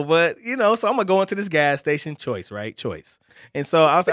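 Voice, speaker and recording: A man with a high voice and tells a faith story in casual podcast chat, acting out voices along the way. The recording is dry and close, with no room sound. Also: a little fast, no echo. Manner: animated storyteller, acts out voices, laughs often.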